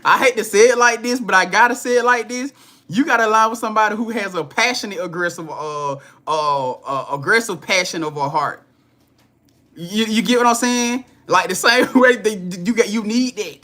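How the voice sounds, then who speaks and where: Casting: man, high bright voice, chatty live-stream card reader, loose and profane, keeps checking in with viewers. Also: normal speed. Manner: repetitive, profane, chatty, laughs often; talks straight to viewers. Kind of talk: casual live-stream reading.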